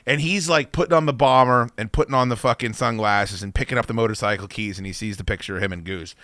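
A man hosting a casual podcast, telling stories in a loose, profane way and acting out quotes loudly. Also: on the low side, fast talker, dry recording, studio quality. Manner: animated, swears a lot, acts out quotes loudly. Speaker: podcast host.

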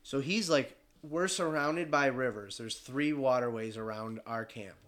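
A young man casually telling a hunting story, animated and swearing freely as he acts out other people's voices. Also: mid-range voice, a little slow.

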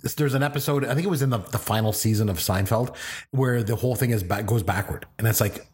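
A man's voice: lowish voice, quick pace, darkish tone. A man co-hosting a movie podcast in casual chat, playful and laughing often as he tells stories. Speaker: podcast co-host.

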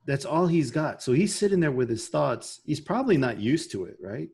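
A man's voice: fairly high pitch, big pitch swings, normal speed, gravelly, a little mellow, husky. A man hosting a podcast in casual chat, rambling and emotional as he talks. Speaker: podcast host.

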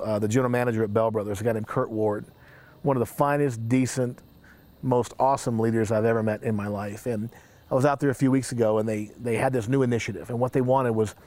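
A man's voice: mid-range voice, darkish tone. Chatty man hosting a panel. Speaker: host. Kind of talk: casual panel talk.

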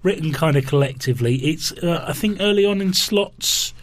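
A man co-hosting a podcast, talking casually and haltingly about comics with many ums and restarts. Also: fairly high pitch, lively intonation. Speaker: podcast co-host. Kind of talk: casual chat and comic review.

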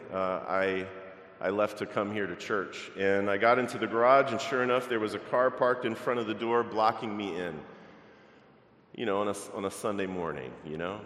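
A man's voice: mid-range voice, a bit bright. A middle-aged male pastor preaching a sermon, reading scripture and telling a personal story in a conversational way with fillers. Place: large church sanctuary. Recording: echoey church hall, long reverb.

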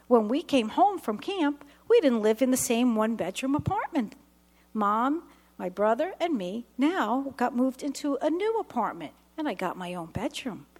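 A middle-aged woman giving an earnest personal testimony at a dinner event, slowing down and dropping to a whisper at intense moments. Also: a little high, a little mellow.

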